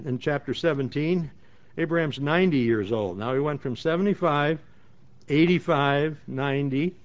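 A man leading a Bible study, reading verses aloud and then explaining them in plain words, with frequent restarts. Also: a little high. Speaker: Bible teacher. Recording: dull lo-fi recording.

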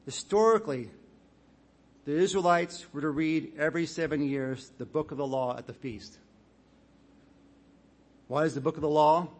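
A man preaching a sermon in a measured, deliberate way, reading scripture passages aloud with rising emphasis. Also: fairly high pitch.

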